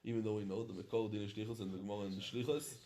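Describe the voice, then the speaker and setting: A rabbi teaching a Talmud class to students, chanting the Aramaic text and then explaining it in English, often halting and repeating himself. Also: male voice, on the low side, little pitch movement, warm tone. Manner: halting, with frequent restarts and repetition. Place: study hall in London.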